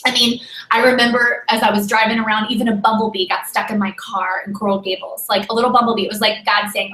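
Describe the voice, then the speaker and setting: A woman's voice: mid-range voice, fast talker. A woman giving a motivational talk to her sales team, telling a story animatedly and acting out the dialogue. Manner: animated, acts out dialogue, exhorting. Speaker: direct sales leader. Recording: roomy echo.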